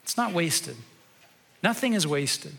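Bright-voiced male preacher telling a story. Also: a little high, animated, takes it slowly, gravelly. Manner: conversational storytelling, moving to a quiet, reflective tone. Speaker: pastor. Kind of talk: sermon.

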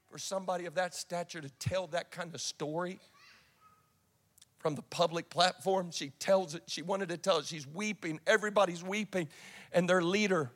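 A man with a high-pitched voice delivers an impassioned sermon. He tells the story with a rising and falling intensity, from loud cries to soft, hushed lines. His voice rings through a large hall with a long reverb tail. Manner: impassioned storytelling, swinging from shouts to hushed tones. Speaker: preacher.

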